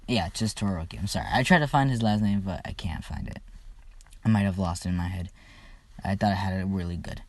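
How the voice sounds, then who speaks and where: A man's voice: deep voice, quick pace, a little mellow, no echo. A man casually retelling a fan story, rambling and profane, with loose fillers.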